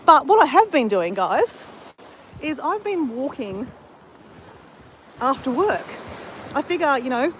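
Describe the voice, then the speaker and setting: A woman's voice: high-pitched, sing-song, slow, pauses often, a bit bright, slight background noise, low-quality recording. An Australian woman chatting to her live viewers, rambling with many fillers and restarts as she exercises. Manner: exercising while talking. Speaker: vlogger. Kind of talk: casual chat to live viewers.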